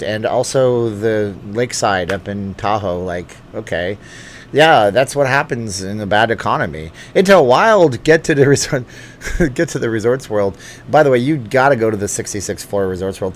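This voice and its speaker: A man's voice: fairly low pitch, big pitch swings, normal speed, a little hiss or hum. A man hosting a casual live chat from a home studio, joking and reading viewer comments aloud. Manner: chatty, jokey, reads comments aloud. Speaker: livestream host. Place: home studio with hot lights. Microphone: studio microphone.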